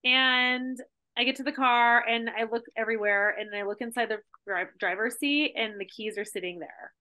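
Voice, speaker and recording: Bright, animated woman telling a story. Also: a little high, moderate pace. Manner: animated storytelling, heavy use of "like". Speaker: podcast guest. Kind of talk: casual chat.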